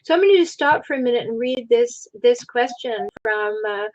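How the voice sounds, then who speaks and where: A woman's voice: fairly high pitch, expressive, normal speed, darkish tone, no room sound, highs cut off. A woman hosting a discussion in a chatty, wry manner, often laughing. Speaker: host. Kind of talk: casual discussion.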